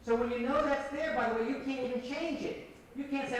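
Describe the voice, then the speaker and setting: A man giving an animated workshop lecture, repeating points and directing the audience, recorded from far off on old reel tape in an echoey hall. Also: very high-pitched, a little fast, noisy background. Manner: animated, repetitive, coaching the audience.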